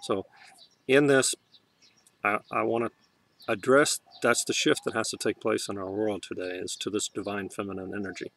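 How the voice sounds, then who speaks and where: Man in a self-filmed spiritual talk, low voice, gentle, emotional and halting. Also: fairly even intonation, gravelly. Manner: soft, emotional, halting with restarts. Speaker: vlogger. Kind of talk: heartfelt spiritual monologue.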